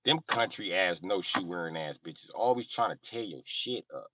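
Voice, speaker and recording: Animated low-voiced man ranting. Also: normal speed, distant mic, slight background noise. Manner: animated, joking, swings loud and quiet. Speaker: livestream host. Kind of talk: casual profane comedic rant.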